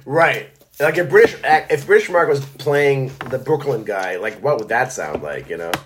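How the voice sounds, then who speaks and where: A middle-aged man, an actor, in casual chat, talking in halting, self-deprecating bursts and laughing often. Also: mid-range voice, lively intonation, a little hiss or hum. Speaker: stage actor.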